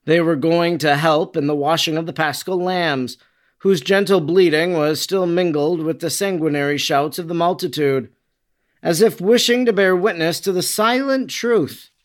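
A man's voice: fairly high pitch, moderate pace. A man reading a devotional narrative aloud in a solemn, dramatic manner, raising his voice for quoted lines. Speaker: reader.

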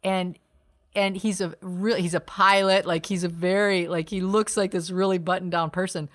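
A woman's voice: lowish voice, little pitch movement, normal speed. A middle-aged woman co-hosting a podcast, talking in a reflective, casual way and laughing often. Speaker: podcast co-host. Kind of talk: casual conversation.

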